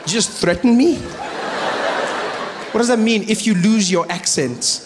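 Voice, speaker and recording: South African male comedian, animated storyteller, faint background noise. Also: high voice, unhurried. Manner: animated, switches into voices. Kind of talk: stand-up storytelling.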